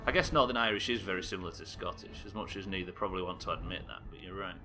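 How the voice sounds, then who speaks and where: A man with a Welsh accent commentating his live gameplay, chatting with viewers, animated and swearing casually. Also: low-pitched, racing, faint music behind. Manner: animated, swears casually, reacts loudly to the game. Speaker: streamer.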